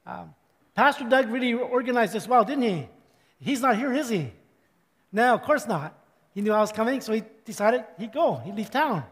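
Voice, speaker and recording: An older male pastor preaching in a relaxed, joking way, his fairly high voice a little hoarse. He clears his throat often between his points. The sound carries a long reverb, as in a church hall. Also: moderate pace. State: slightly hoarse. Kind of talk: sermon.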